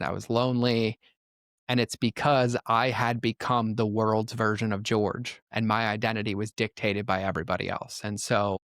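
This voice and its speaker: Man, podcast guest, lowish voice, dry close sound, earnest storytelling. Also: fairly bright tone, no room sound. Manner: earnest, emphatic, quick to act out quotes. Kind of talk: personal storytelling in conversation.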